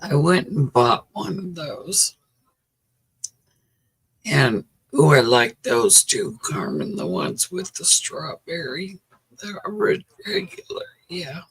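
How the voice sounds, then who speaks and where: Raspy, slow-talking woman chatting. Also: low voice, very animated, low-quality recording. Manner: chatty storyteller, laughs often. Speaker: livestream host. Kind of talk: casual chat.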